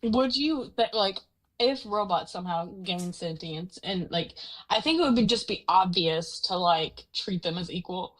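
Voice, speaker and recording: A woman on a livestream debate panel, chatting casually in a blunt, animated way. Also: fairly low pitch, moderate pace, low-quality recording.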